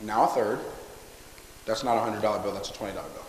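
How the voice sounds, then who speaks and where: A motivational speaker talks fast on stage in a large hall, the echoey room giving a long reverb with slight background noise. He energetically calls for responses from the live audience and pitches his books.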